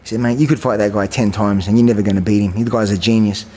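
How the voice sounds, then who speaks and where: A man's voice: on the low side, steady tone, fast, a little mellow, long reverb tail. A man, telling stories in a casual interview, rambling with fillers and restarts and acting out quotes. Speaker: guest, champion kickboxer.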